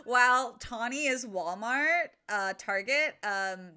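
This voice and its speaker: A woman's voice: a little high, animated, slow pace, sharp tone, clear, resonant tone. A young woman co-hosting a podcast, recapping a book in casual, jokey chat and acting out characters in silly voices. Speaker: podcast co-host.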